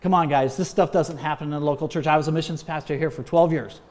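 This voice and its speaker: A man's voice: on the high side, fairly even intonation, quick pace, darkish tone. A man, a former missions pastor, giving an emphatic training talk full of exhortation and frequent "uh"s.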